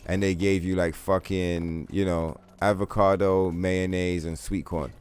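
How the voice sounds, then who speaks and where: Swearing freely as he plays, this livestreamer wanders through lengthy comparisons and laughs as he goes. He speaks at a measured pace, his low, darkish voice holding a level tone.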